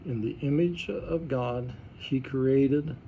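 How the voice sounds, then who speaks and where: A pastor leading an informal Bible study, talking conversationally and quizzing the group with questions. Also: male voice, mid-range voice, takes it slowly, narrow, tinny audio, slight background noise. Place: church study group room.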